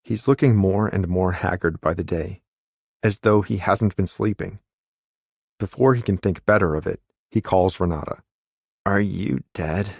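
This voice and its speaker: A man narrating an audiobook in a measured, wry storytelling manner. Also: sits low, creaky, darkish tone, breathy edge, no echo, studio quality.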